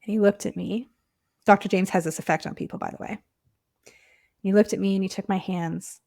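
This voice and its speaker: A woman's voice: mid-range voice, steady tone, brisk, gravelly, mellow, dry recording, studio quality. A woman hosting a personal podcast, telling her story in a heartfelt, casual way and often dropping to a near whisper. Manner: casual, frequent "like" fillers. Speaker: podcast host and clinic owner.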